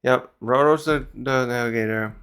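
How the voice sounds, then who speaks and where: A man's voice: mid-range voice, normal speed, fairly bright tone, clean tone. A man giving a casual manga chapter review who rambles, gets sidetracked and swears casually.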